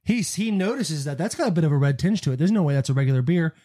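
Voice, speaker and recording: A man in casual podcast chat, retelling a fight night in a fast, animated way and swearing freely. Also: fairly high pitch. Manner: fast, animated storytelling with profanity; breaks into sung snippets when retelling. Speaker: podcast co-host.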